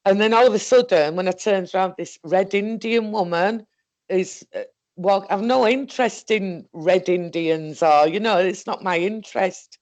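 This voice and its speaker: A woman with a Northern English accent recounts a personal experience in a loose, rambling way. She trails off, corrects herself and restarts her sentences, with plenty of fillers along the way. Her voice sits at a middling pitch. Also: darkish tone, muffled recording. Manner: halting, self-correcting, full of fillers and restarts. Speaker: guest recounting a paranormal experience.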